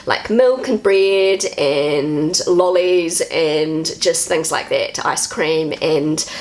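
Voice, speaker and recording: A woman's voice: deep voice, drawn-out words. A woman from New Zealand with a New Zealand accent, hosting a chatty, enthusiastic reaction vlog. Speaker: YouTube host.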